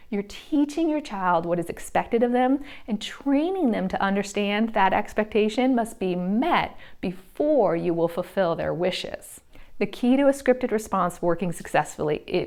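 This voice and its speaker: A woman who teaches parenting, giving a scripted educational explainer in a calm, measured, reassuring way. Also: mid-range voice.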